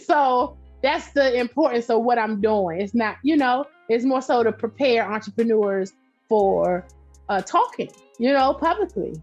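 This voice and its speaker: Loud direct lady guest, pretty high voice, chatty and animated, kinda dull lo-fi sound. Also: a little slow, faint music behind. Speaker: podcast guest, entrepreneur. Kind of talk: casual interview chat.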